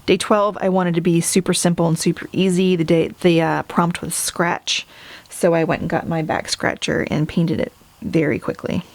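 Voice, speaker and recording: A middle-aged woman walks through the pages of her sketchbook in a relaxed, chatty way, poking fun at her own work. Her voice sits low and carries a gravelly fry. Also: moderate pace, no echo. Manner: chatty, self-deprecating, laughs at herself. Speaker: artist showing her sketchbook. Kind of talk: casual narrated flip-through.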